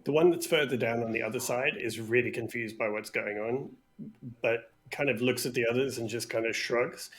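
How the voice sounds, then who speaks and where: A man's voice: mid-range voice, fairly bright tone. A man narrating a tabletop game as game master, casual and hesitant with many fillers.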